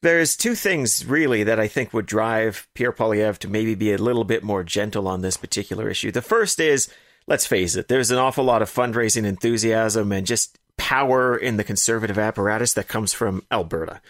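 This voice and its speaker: A man talking through political strategy in a casual podcast chat, measured and analytical, with the odd swear word. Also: lowish voice, a bit bright, dry recording, clean studio sound. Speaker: political commentator.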